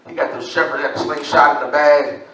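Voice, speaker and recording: High, bright-voiced preacher man in an echoey church. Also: flat delivery, a little fast, distant mic. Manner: casual slang-filled preaching. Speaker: pastor. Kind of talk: sermon.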